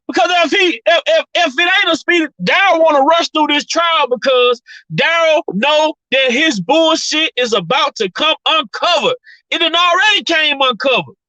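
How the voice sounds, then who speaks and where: Woman vlogger, high bright voice, dry close sound, profane and fired-up rant. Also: normal speed, no room sound, dull audio. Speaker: commentary vlogger. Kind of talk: heated opinion rant.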